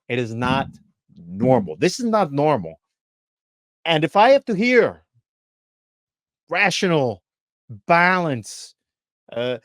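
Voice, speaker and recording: A man's voice: mid-range voice, no echo, studio quality. A man in his thirties co-hosting a podcast, ranting in an exasperated, emphatic way and repeating his points. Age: 30s. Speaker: podcast co-host. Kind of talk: heated podcast rant.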